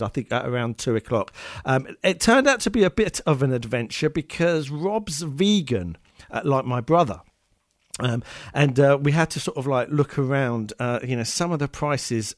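A man presents his music show in a chatty, rambling way, stopping and restarting and chuckling at his own jokes. His voice sits at an ordinary middle pitch. The sound is close and dry. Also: no echo. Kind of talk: casual anecdotal storytelling.

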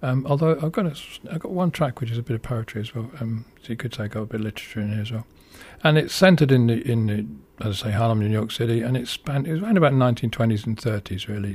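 A man's voice: lowish voice, darkish tone, husky. A man presenting a music show, talking unscripted and hesitantly with many ums and restarts. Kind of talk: casual unscripted radio-style introduction.

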